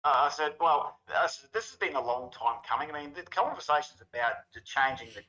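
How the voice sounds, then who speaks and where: Brief: male co-host, bright edgy voice, blunt and swearing, dull lo-fi audio. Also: fairly high pitch, animated, brisk. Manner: blunt, profane, exasperated. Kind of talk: casual commentary chat. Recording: dull lo-fi sound.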